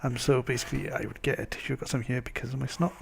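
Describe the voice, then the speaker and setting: A man's voice: mid-range voice, level tone, very fast, creaky, a little hiss or hum. A man with a Welsh accent and a stuffy nose from a cold, chatting loosely and rambling in a casual vlog. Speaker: vlogger. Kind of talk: casual chat.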